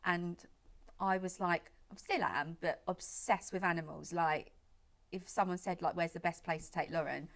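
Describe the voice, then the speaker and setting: A woman's voice: on the low side, fairly even intonation, normal speed, vocal fry. A woman in her late twenties, a guest make-up artist, telling a long story in casual chat with lots of fillers and quoted speech. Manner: chatty, lots of "like" and reported speech.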